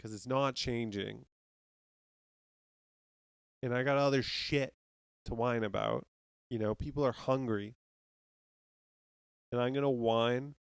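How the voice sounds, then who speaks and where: A man's voice: medium pitch, slow, vocal fry, long pauses, no echo, studio quality. A man hosting a podcast, ranting casually about baseball with heavy swearing and rambling restarts. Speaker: podcast host. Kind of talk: casual sports rant.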